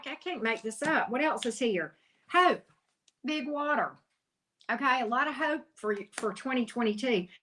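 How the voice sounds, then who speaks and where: A woman's voice: a little high, sharp tone, a little hiss or hum. A woman hosting a live tarot reading, chatting casually, greeting viewers by name and exclaiming at the cards.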